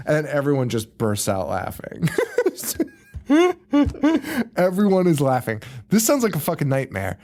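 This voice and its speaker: Animated man recapping a horror film. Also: a little high, measured pace. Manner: animated storyteller who acts out characters with screams and laughs; swears freely. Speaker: podcast co-host. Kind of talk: casual movie recap chat.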